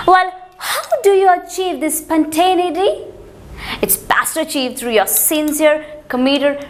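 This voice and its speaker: A woman teaching pronunciation in class, emphatic, with exaggerated rising and falling pitch. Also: fairly bright tone. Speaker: English pronunciation instructor. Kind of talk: classroom lesson, demonstrating intonation.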